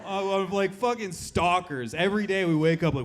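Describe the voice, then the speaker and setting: Brash high-voiced male stand-up comic. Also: moderate pace, slight background noise. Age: 30s. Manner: crude, brash, talks to the crowd. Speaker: stand-up comedian. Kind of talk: stand-up comedy set. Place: comedy club stage.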